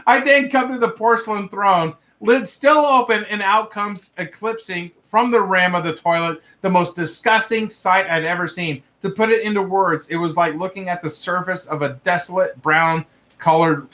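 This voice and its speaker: A young man with a high, light voice reads a story aloud on a livestream. He keeps laughing through it and cuts in with excited, profane reactions. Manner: laughs through the reading, breaks off to react with swearing. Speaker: livestream host reading viewer stories. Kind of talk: casual livestream reading.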